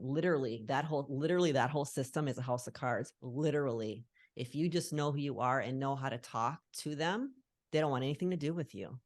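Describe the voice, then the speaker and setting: A woman's voice: extremely low pitch, no room sound, studio quality. A middle-aged woman talking earnestly as a guest on a call, reflective and searching for her words. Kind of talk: casual conversation on a call. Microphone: call recording.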